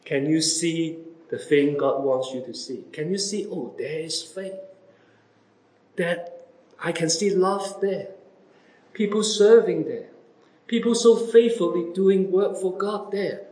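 Slow-speaking preacher man, echoey room. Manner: repeated rhetorical questions to listeners, wide dramatic swings in pitch and loudness. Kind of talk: sermon.

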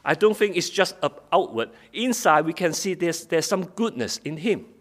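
A man's voice: fairly high pitch, lively intonation, moderate pace. A man giving a sermon, reading Bible verses aloud and then explaining them in plain, simple words with frequent restarts. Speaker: preacher. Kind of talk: sermon, Bible study exposition.

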